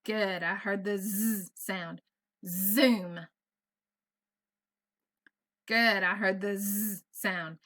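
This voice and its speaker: A woman's voice: mid-range voice, steady tone, drawn-out words, long pauses, a bit bright. A woman teaching an online first grade phonics lesson, patient and encouraging, carefully over-enunciating each sound. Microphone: computer mic on a video lesson.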